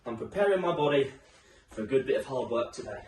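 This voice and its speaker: A man coaches a home workout in a chatty, encouraging way, his voice rising and falling in a lively sweep. He sounds a little out of breath. He is recorded at some distance in an echoey room. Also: mid-range voice, fast talker, a little hiss or hum. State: slightly out of breath. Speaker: fitness instructor.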